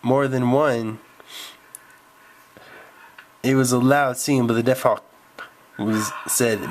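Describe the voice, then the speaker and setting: A man's voice: mid-range voice, fairly even intonation, takes it slowly, pauses often, slight background noise. Man rambling through a story. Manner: rambling, with restarts. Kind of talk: improvised story narration.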